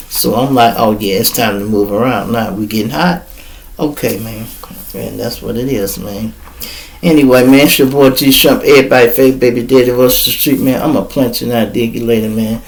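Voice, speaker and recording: A man's voice: mid-range voice, normal speed, slight background noise, poor audio. A middle-aged man telling a profane story as host of his show, acting out the quoted voices. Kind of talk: storytelling monologue.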